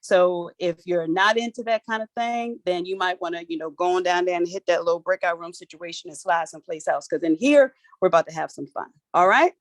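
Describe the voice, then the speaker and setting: A middle-aged woman from Philly with the to match, running an online workshop like a lively get-together. Her voice sits fairly low, and she keeps it playful and chatty with loose, colloquial phrasing. The sound is dry and close, coming through her phone on a video call. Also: fairly quick, few pauses, no room sound. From Philadelphia, USA. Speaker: workshop host. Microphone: phone for audio on a video call.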